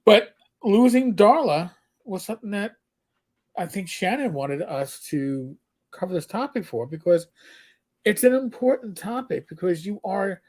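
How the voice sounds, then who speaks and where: A man co-hosting a casual livestream chat, an animated storyteller who often restarts his sentences and reads viewer comments aloud. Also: high-pitched, measured pace. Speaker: livestream co-host.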